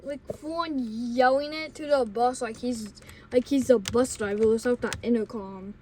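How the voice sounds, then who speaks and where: A woman vlogger telling casual stories, rambling with many restarts and self-corrections, and acting out the yelling in loud put-on quotes. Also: a little high, moderate pace, slight background noise. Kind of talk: casual storytelling.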